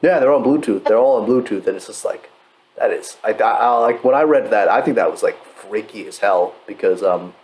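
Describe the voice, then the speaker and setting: A man's voice: fairly low pitch, fairly quick, a little mellow, low-quality recording. A man in casual podcast chat, hesitant, with many restarts and easy laughter.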